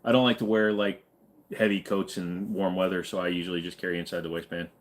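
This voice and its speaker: A man's voice: deep voice, little pitch movement, fast talker. A man hosting a casual livestream, reading chat and rambling with jokes and fillers. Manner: rambling and joking, many fillers. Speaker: livestream host.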